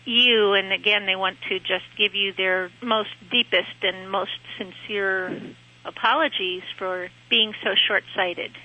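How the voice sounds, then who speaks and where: A woman working as an animal communicator, gently reassuring a caller on the radio. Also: mid-range voice, steady tone, a little slow. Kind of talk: calm consoling phone reading. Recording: dull lo-fi radio line.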